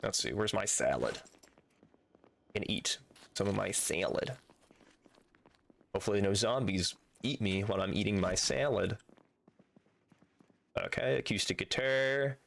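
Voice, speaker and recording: Low-voiced, laid-back man streaming a game. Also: lively intonation, unhurried, gravelly, long pauses, a bit bright. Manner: casual, chatty, swears freely. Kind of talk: live game-stream commentary.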